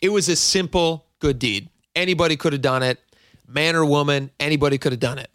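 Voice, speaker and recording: A man's voice: on the high side, fairly quick, fairly bright tone, no echo. A man hosting a talk radio show on a studio microphone, chatty and jokingly self-mocking.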